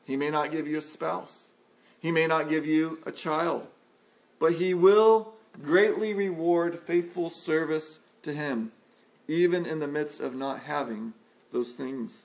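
A man's voice: steady tone, a little slow, vocal fry. A man preaching an earnest sermon, sometimes acting out a frustrated listener's complaints. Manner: earnest, acts out complaining voices with rising pitch.

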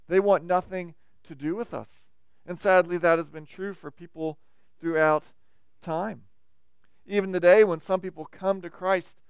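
A male pastor preaches with a high, smooth and resonant voice, leaning into key words and letting others fall soft. The sound is dry and close, with no room around it. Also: dry recording. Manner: preaching with rising and falling emphasis. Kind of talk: sermon.

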